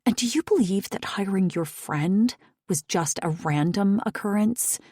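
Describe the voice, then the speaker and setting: A woman's voice: medium pitch, expressive, unhurried, mellow, no echo, studio quality, voice pushed up. Woman reading Zoe, a frustrated doctor. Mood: urgent. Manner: frustrated, blunt. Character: exasperated woman doctor, old friend.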